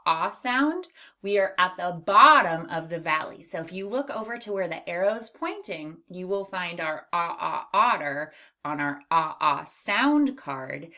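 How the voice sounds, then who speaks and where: A woman teaching a children's phonics lesson, slowly stretching out and modeling each sound. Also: lowish voice, sharp tone. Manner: slow, exaggerated sound modeling.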